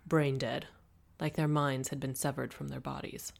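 A woman reading the part of a calm, serious young gentleman in an audiobook. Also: extremely low pitch, vocal fry, full character voice. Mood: grave. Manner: measured, grave.

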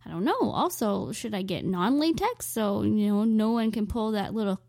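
A woman's voice: mid-range voice, animated, moderate pace, vocal fry, a little mellow, no echo, clean studio sound. A young woman telling a self-mocking comic story, rambling and dramatic, with lots of "like". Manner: dramatic, exaggerated delivery.

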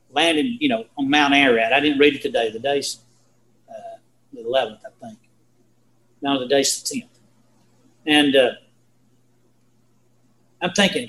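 A man in his sixties leading a casual Bible study, talking in a folksy, rambling, storytelling way. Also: on the high side. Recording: echoey room.

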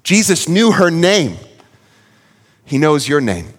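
A pastor in his thirties delivers an earnest sermon, his voice sitting a bit high and swinging widely in pitch. His words ring out with a long reverb from a large hall. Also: takes it slowly. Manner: earnest storytelling, animated when quoting his child.

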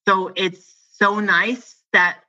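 Casual female guest, bright and giggly, rambling delivery, slightly dull recording. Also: medium pitch, fairly even intonation, slow pace. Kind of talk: casual chat.

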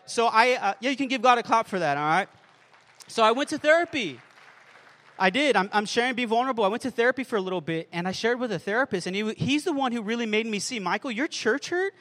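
High-voiced preaching pastor, man. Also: lively intonation, fast talker, a bit bright, long reverb tail, a faint crowd. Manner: preachy call-and-response asides. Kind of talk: sermon.

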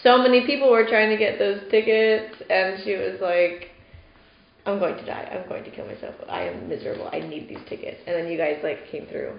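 A woman's voice: medium pitch, steady tone, a little fast, creaky. A young woman in a casual group chat, laughing and playfully retelling what a friend said. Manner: giggly, playful retelling of quotes. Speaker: dog trainer on team podcast. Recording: echoey room, dull lo-fi sound, faint noise.

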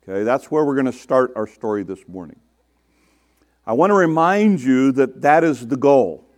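A man's voice: medium pitch, lively intonation, normal speed. A man preaching a sermon, reading scripture aloud and stopping often to explain it, acting out the quoted complaints with exasperation. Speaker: pastor.

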